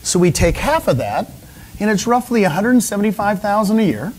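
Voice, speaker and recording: A man giving an energetic motivational seminar talk to a live audience, often asking them questions. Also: high voice, fairly quick. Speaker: speaker at a real estate training session.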